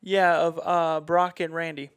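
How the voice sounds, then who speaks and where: A man telling stories in casual chat, acting out quotes with loud exclamations. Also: on the high side, level tone, measured pace. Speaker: podcast guest.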